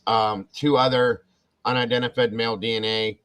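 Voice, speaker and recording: A man's voice: medium pitch, little pitch movement, normal speed, fairly bright tone, low-quality recording. A man hosting a casual true crime live stream, chatting loosely and reading comments from the chat.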